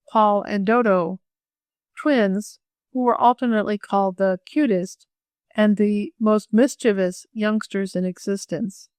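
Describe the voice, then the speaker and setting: Woman audiobook reader, mid pitch, measured storytelling, dead dry room. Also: no echo. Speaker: audiobook narrator. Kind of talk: scripted narration of a classic novel.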